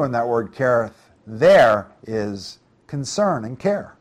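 In a slow, sing-song, mid-range voice, a middle-aged preacher conducts a Bible study. He reads scripture out loud, talks through its meaning in a relaxed way, and poses questions to those listening.

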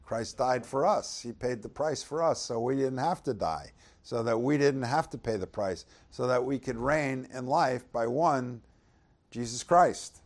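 Man, sermon preacher, mid-pitched voice, casual "you know" delivery, rises loud on verses. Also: unhurried. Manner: conversational preaching, frequent "you know", rhetorical questions; loud dramatic swells when reading verses. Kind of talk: sermon with scripture reading.

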